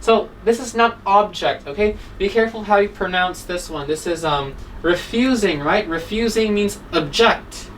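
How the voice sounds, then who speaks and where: A woman's voice: mid-range voice, normal speed, few pauses, far from the mic, a little hiss or hum, rough recording. A woman teaching an English exam-prep class, explaining word forms and checking in with "right?" and "okay?" after nearly every point.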